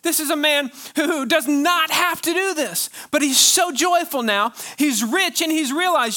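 A male pastor preaching a sermon, pressing his points with rhetorical questions and drawn-out pauses. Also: extremely high pitch, animated, bright, forceful tone.

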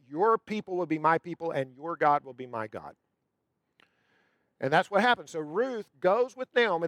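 A male pastor preaching a sermon, retelling a story with emphasis and slowing down on key words. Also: high-pitched, a bit bright, no room sound.

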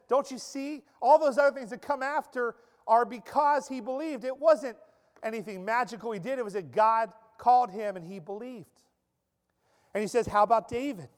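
A man preaching a sermon as pastor, dramatic, swinging from loud emphasis to a soft hush. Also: high voice. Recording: long reverb of a large hall.

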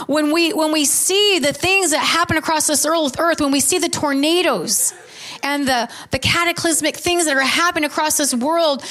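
High-voiced woman preaching emotionally. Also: a bit bright. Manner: emotional, emphatic preaching with restarts. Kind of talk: sermon. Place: church hall before a congregation.

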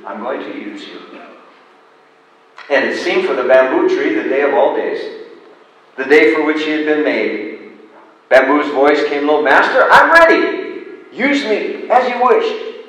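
Preacher in a very echoey sanctuary. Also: male voice, mid-range voice. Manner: dramatic, shifts between loud and soft. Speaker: pastor. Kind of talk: sermon with storytelling. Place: church sanctuary. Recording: echoey hall, distant mic.

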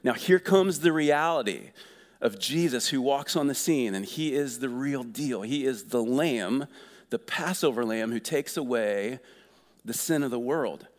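A man preaching a sermon in a conversational, energetic way, asking the congregation questions. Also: medium pitch, a little slow, in a large hall. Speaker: pastor.

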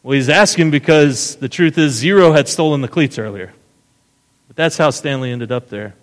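Pastor, male, mid-pitched voice; casual storyteller in a long-echo sanctuary. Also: normal speed. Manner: casual storytelling, keeps checking in with "right?". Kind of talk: sermon. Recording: long hall reverb.

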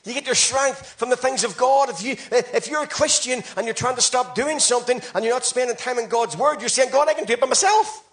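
A man's voice: very high-pitched, a little fast, hardly any pauses. A man pastor preaching a sermon, exhorting his congregation with emphatic, repeated phrases. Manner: emphatic, repetitive exhortation with rising shouts.

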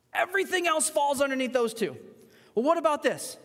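Emphatic high-voiced male pastor. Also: expressive, a little fast, in a large hall. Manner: emphatic, swings between loud rising points and quiet asides. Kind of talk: sermon.

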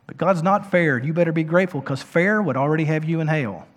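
A man preaching a sermon as pastor, moving from quiet reflection to loud, emphatic peaks. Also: fairly high pitch, animated, measured pace, pauses often. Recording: long hall reverb.

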